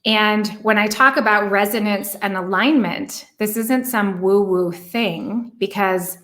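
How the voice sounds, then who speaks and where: A woman giving a relationship coaching talk, earnest and reflective, who asks many rhetorical questions and slows down to stress words. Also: mid-range voice, a bit bright. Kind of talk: coaching monologue.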